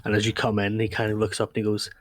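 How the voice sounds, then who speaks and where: A man narrating as game master, describing scenes in a relaxed, rambling way with many fillers. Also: fairly low pitch, very fast, no room sound.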